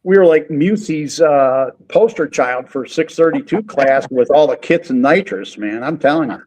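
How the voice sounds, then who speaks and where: A man's voice: fairly high pitch, moderate pace, poor audio. A man who backs race teams, telling a story in casual radio chat and acting out the quotes. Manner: animated storytelling, quotes others.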